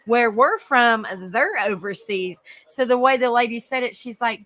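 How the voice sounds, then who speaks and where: Bright, giggly woman chatting. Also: fairly high pitch, moderate pace, few pauses, poor audio. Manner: chatty, giggly, rambling with many fillers. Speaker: host of an open panel. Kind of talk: casual chat.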